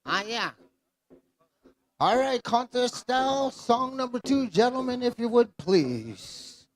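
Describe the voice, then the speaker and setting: A man's voice: extremely high pitch, big pitch swings, slow pace. A man emceeing a pow wow, announcing live to dancers and crowd in an easygoing, joking way. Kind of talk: live event announcing over a PA. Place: outdoor pow wow arena.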